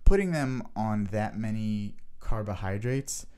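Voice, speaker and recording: A man ranting in a casual vlog, animated and sarcastic. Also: lowish voice, a little slow, clear, resonant tone. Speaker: vlogger.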